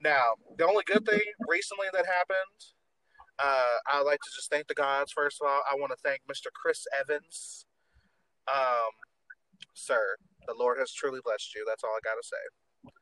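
A man's voice: medium pitch, normal speed, bright, forceful tone, rough recording. A man hosting a podcast in casual chat, campy and gossipy, swearing freely. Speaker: podcast host.

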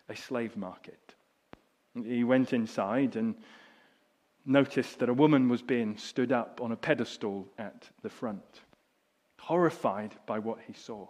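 A middle-aged man preaching a sermon, telling a story that drops soft and low and then rises loud and high. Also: measured pace. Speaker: pastor.

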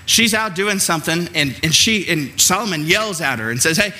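A middle-aged man preaching a sermon in a lively, conversational way with playful asides. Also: fairly high pitch, moderate pace. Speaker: pastor.

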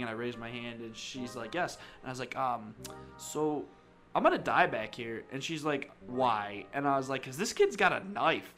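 A young man co-hosting a casual podcast, rambling through a story, swearing freely and acting out the quoted lines. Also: mid-range voice. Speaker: podcast co-host. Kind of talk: casual chat.

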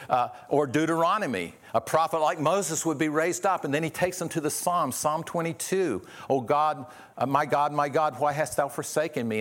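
A man preaching a sermon as pastor, earnest, asking rhetorical questions and often restarting his sentences. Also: a little high.

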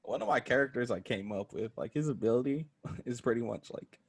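A man's voice: mid-range voice, fairly quick, vocal fry, breathy edge. A man chatting loosely on a podcast, stringing thoughts together with plenty of fillers. He laughs through his own stories and talks in easy slang. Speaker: podcast co-host. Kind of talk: casual podcast chat.

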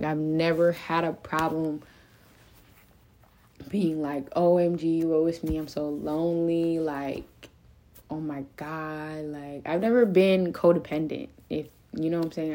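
A woman's voice: low voice, fairly even intonation, measured pace, a little mellow. A young woman in a confessional solo monologue, venting and rambling with lots of swearing and filler words. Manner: frequent fillers like "like" and "um". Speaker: podcast host.

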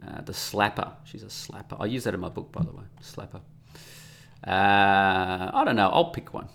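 A man with a low, gravelly voice rambles through a solo podcast monologue. He is sarcastic and mocking, and often drops into a muttering aside. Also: moderate pace, fairly bright tone. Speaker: podcast host.

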